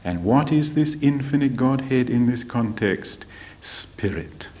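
A man teaching from a spiritual text in a deliberate, emphatic lecture, often asking rhetorical questions. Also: medium pitch, lively intonation, darkish tone. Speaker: religious study teacher. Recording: dull lo-fi recording.

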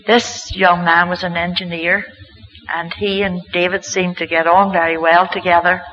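A woman's voice: on the low side, level tone, moderate pace, a bit bright, slight background noise. A woman from Ireland, giving an earnest, heartfelt spoken religious testimony as a mother. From Northern Ireland. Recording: dull lo-fi recording.

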